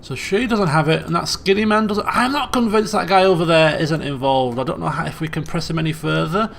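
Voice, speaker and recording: A man giving casual let's play commentary, talking to himself as he puzzles things out. His voice is strongly gravelly. It also sits a bit high for a man. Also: fairly quick, a bit bright, slight background noise. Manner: thinks aloud, self-questioning, chatty.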